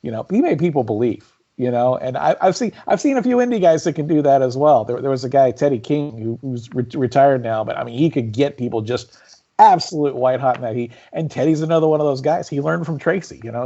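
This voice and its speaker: A man's voice: mid-range voice, a little fast, highs cut off. A man, a guest author on a podcast, telling stories animatedly with plenty of fillers and restarts. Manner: animated storyteller, many fillers and repeats. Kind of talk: conversational storytelling on a podcast.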